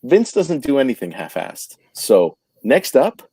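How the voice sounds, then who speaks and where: A man hosting a casual podcast chat, joking and telling stories in an animated way. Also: medium pitch, measured pace, husky, no echo. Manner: animated, jokey storyteller. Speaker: podcast host.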